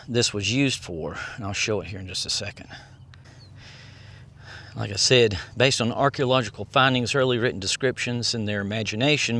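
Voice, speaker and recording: This vlogger and tour guide has a fairly low voice with a sharp edge. Strolling around a historic site in the heat, he keeps up loose, wandering commentary and reads out the signs he passes.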